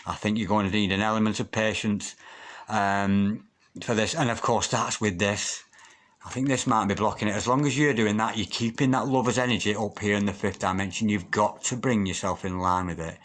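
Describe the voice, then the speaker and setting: A man giving a solo tarot reading, effusive and excitable, who chants the same invocations over and over. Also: fairly low pitch, a little fast. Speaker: tarot reader.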